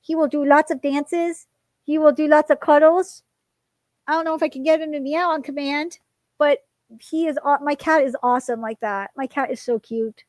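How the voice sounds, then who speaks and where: High-voiced woman cooing at her cat. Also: fairly even intonation, normal speed, a little mellow, dry recording. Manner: coos in baby talk at her cat; rambling, with many fillers. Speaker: streamer. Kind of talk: casual live-stream chat.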